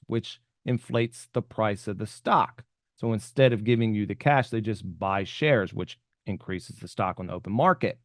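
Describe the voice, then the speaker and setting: A man talks through investing ideas on a podcast at an easygoing pace, thinking out loud and letting his sentences fade at the end. His voice sits in an ordinary middle range. The recording is dry and close, with no room sound. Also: medium pitch, no echo. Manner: conversational, thinking aloud, trailing off softer at the ends of points. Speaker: podcast co-host explaining options trading. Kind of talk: casual explanatory podcast talk.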